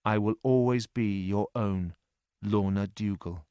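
A man reading a first-person novel aloud as an audiobook for English learners, in a steady storytelling voice. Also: on the low side, unhurried, smooth, dry recording, studio quality. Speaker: narrator.

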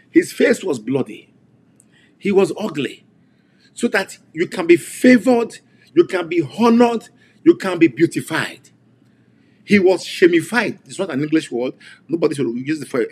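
A man's voice: on the high side, very animated, moderate pace, a little mellow, slightly rough. A man preaching and leading an online prayer session, fervently repeating declarations. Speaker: pastor.

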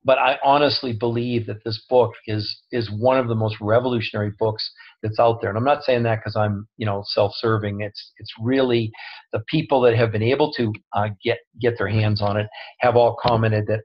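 A man's voice: lowish voice, fairly even intonation, moderate pace. A man speaking as a guest co-author over an online call, earnest and humble, with many restarts. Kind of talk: casual talk on a call. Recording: dull lo-fi online audio.

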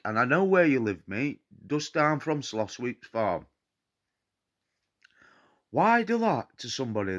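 Speaking in a mid-range, fairly bright voice, this Nottinghamshire-accented paranormal vlogger from England vents directly at the camera. His rant is indignant and defiant, circling back over the same points.

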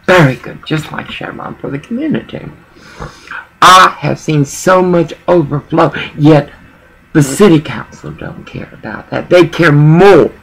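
Slow, gravelly-voiced woman rambling emotionally. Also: low voice, a bit bright, low-quality recording. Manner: emotional, digressive, repeats herself. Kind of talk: rambling personal monologue.

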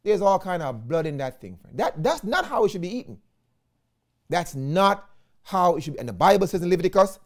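A man with a Jamaican accent, an evangelist preaching a sermon in an animated way, often calling his listeners "friends". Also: sits high, moderate pace.

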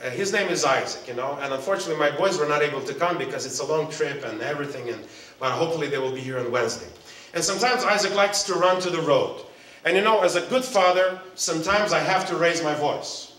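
A man preaching at a seminar, animated, breaking into loud mock calls and quizzing his audience. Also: on the high side, fast, slight background noise. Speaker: seminar speaker. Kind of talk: sermon. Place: hotel hall. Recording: very echoey hall, mic far off.

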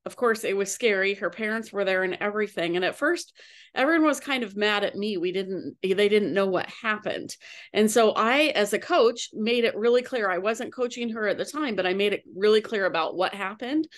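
A middle-aged woman coach tells a personal story, earnest and unhurried, dropping fillers as she goes. Her voice sits at an ordinary middle pitch.

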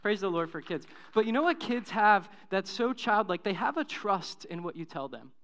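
Bright-voiced young male pastor. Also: high-pitched, very animated, moderate pace. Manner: upbeat, casual, talks to the congregation. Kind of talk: sermon.

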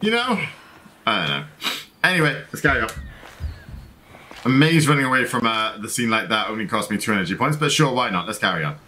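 A man's voice: medium pitch, big pitch swings, fairly quick, long pauses, sharp tone. A man hosting a let's play, casually commenting on the game and joking while reading choices aloud. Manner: chatty, jokey, reads in-game choices aloud.

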